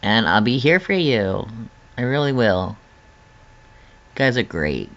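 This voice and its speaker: A man's voice: medium pitch, big pitch swings, unhurried, gravelly, a bit bright, dull audio. A young man rambling in an emotional, earnest personal vlog, laughing often. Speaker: vlogger.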